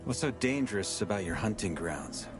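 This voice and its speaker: A man's voice: lowish voice, very animated, normal speed. An actor playing a curious male newcomer in a video game who asks plain questions. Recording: faint game music behind.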